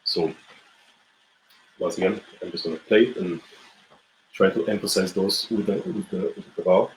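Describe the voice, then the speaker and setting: A man with a Bulgarian accent and a very low voice teaches a folk song in an online lesson. He explains with many fillers and restarts, his voice sounding roomy over a faint hiss. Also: steady tone, normal speed. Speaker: music teacher. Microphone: livestream mic.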